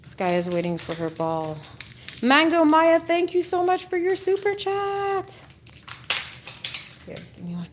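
Speaking from indoors at home, a high-voiced woman who runs a pet channel hosts a live stream, coaxing her dog with bubbly, sing-song baby-talk and thanking her viewers. Her pace is measured and she pauses often, with a faint hiss beneath her voice.

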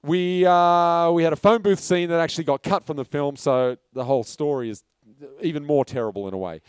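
A man's voice: a little high, fairly quick, smooth, dry recording, studio quality. A man, a film director telling a loose, chatty anecdote at a live talk in a pub. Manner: casual storytelling, loose and chatty. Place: pub function room.

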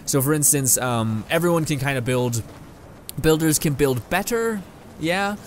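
A young man from Canada rambles through casual let's-play commentary, laughing often and cursing at the game. His voice sits a little high. A faint hiss of noise runs under the recording. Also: animated, unhurried. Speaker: gaming YouTuber.

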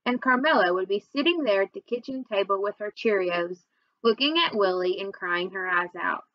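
A woman reading a children's novel aloud, with expressive first-person storytelling. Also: medium pitch, moderate pace, no echo, dull audio. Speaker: reader.

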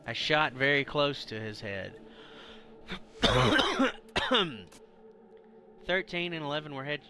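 A man's voice: fairly high pitch, lively intonation, takes it slowly, long pauses, bright, forceful tone, slight background noise. A man giving gameplay commentary, exasperated and grumbling with mock-formal asides, his throat sore and coughing. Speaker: gamer.

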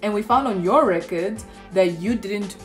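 A woman's voice: mid-range voice, faint music behind, natural voice. A young woman imitating a pushy male scam caller who drones on officiously with lots of ums. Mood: droning. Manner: halting, full of ums, officious. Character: bland scam caller man, pushy and droning.

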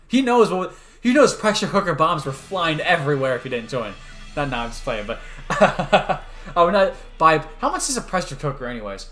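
A young man commentating his own online gameplay on a stream, joking and switching between loud outbursts and quiet mumbles. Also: fairly high pitch, lively intonation, moderate pace, soft background music. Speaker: gaming streamer.

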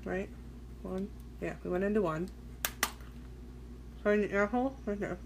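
A woman's voice: medium pitch, unhurried, creaky, background noise. A woman hosting a casual live-streamed makeup tutorial, chatting loosely with viewers as she works, with the odd swear word. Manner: chatty, loose and profane, talking to viewers while working. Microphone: phone or webcam on a live stream.

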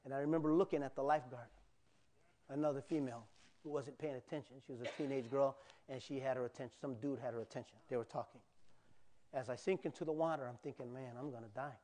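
In a church sermon, a male pastor recounts something from his own life, animatedly performing cries and making side remarks to the congregation. His voice sits in the mid-range and he speaks quickly.

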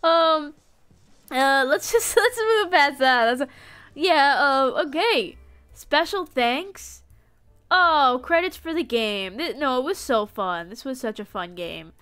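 Playful high-voiced woman streamer. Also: fairly bright tone. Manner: playful and dramatic, swinging from mock-solemn to giddy squeals. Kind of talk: live game stream commentary.

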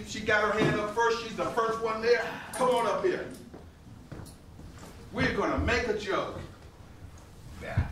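An older man tells stories to a crowd in an animated way, often laughing and repeating his phrases. His voice sits high for a man. It is picked up from a distance in a roomy museum hall. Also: noisy background. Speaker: living history performer and potter. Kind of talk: storytelling to a live audience.

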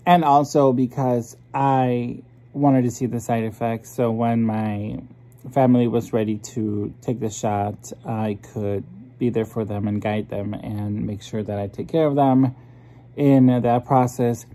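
A man's voice: medium pitch, little pitch movement, measured pace, dark tone. A man vlogging casually to his viewers, chatty and frustrated, swearing a lot while out on a drive. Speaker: vlogger and singer. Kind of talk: casual vlog talk to camera. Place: in a car on a drive.

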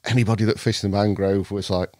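A man's voice: on the low side, quick pace, no echo, clean studio sound. A middle-aged man with a North Staffordshire accent, telling stories as a podcast guest in casual chat, laughing often. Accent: North Staffordshire English. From England. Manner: animated storyteller, laughs often.

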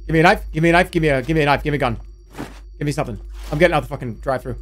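A man in his thirties playing a video game, swearing and swinging between low mutters and excited yelps. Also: racing, soft background music. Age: 30s. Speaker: streamer. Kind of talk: let's play commentary.

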